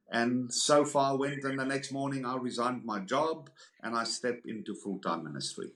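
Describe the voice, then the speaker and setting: A man telling his personal testimony as a podcast guest, earnest and animated, acting out the people he quotes. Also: mid-range voice, moderate pace. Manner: earnest, acts out quoted voices in the story. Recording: echoey room.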